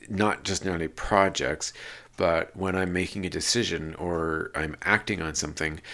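A man's voice: low voice, a bit bright. A man hosting a podcast, reading lists from notes and then talking about his own experience with restarts and rambling asides. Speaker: podcast host. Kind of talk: reading notes, then casual personal talk.

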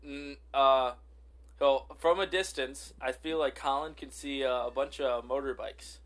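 A man co-hosting a casual podcast, telling an improvised story with giggles and halting starts. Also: mid-range voice, fairly even intonation, fairly bright tone. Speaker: podcast co-host.

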